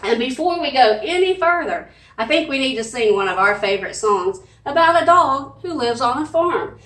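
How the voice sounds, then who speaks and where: A woman leads a children's sing-along, her high voice swinging up and down as she coaxes and makes animal noises. She sounds set back from the mic in an echoey room. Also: bright, forceful tone, far from the mic. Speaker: children's librarian. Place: library room.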